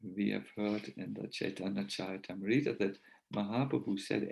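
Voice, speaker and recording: A man giving a festival sermon as a story, slow and hesitant, with many pauses and fillers. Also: on the low side, fairly even intonation, creaky, a little mellow, poor audio. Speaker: visiting swami, speaker. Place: temple festival talk.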